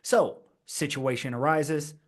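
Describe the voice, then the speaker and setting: A man hosting his own podcast, talking alone in a rhetorical style with slow, emphatic repeated phrases. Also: a little high, steady tone. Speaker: podcast host. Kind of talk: scripted-sounding solo podcast monologue.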